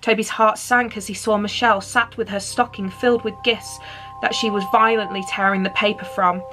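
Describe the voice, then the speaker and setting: A woman reads a festive story aloud for her channel. She keeps it playful, breaking off for chatty asides to her listeners. Her pitch is middling, and quiet music plays faintly behind her. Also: fairly even intonation, normal speed. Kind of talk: reading a Christmas story aloud.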